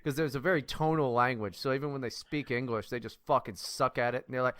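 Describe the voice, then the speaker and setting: A man's voice: mid-range voice, fairly even intonation, fast, fairly bright tone. A male podcast host in casual chat, crude and mocking in his talk.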